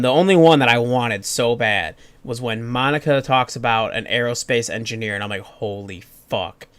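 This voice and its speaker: A man hosting a podcast in casual review chat, excitable and profane, acting out his own reactions. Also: mid-range voice, smooth, no echo. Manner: excitable, profane, animated retellings. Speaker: podcast host.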